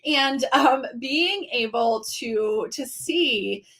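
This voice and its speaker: A woman's voice: high-pitched, animated, extremely slow. Middle-aged woman doing a live coaching stream, chatty, lots of ums and restarts, says hi to viewers. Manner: warm, conversational, many fillers and restarts, greets viewers by name. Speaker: coach running a live online training. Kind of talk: live-streamed teaching talk.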